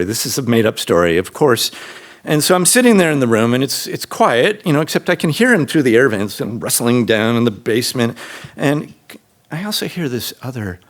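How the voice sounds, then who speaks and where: A man in his fifties or sixties telling a true story on stage to a live audience, casual and unscripted, jumping to a high excited voice when he quotes himself. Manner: casual, with fillers and restarts. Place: stage in a public venue.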